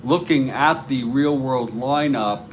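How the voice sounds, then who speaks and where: Slow-talking New York man calling a board game. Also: medium pitch, slight background noise. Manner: slow, rambling, chats with live viewers between plays. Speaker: tabletop baseball replay host. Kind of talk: play-by-play of a board game with chat.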